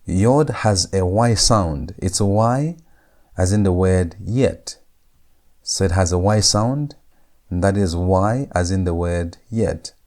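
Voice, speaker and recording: A man teaching a language lesson, saying each letter sound over and over in a drawn-out, patient way. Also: low-pitched, a little mellow. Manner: repeats each sound several times, drawn out. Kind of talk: slow lecture on letter pronunciation.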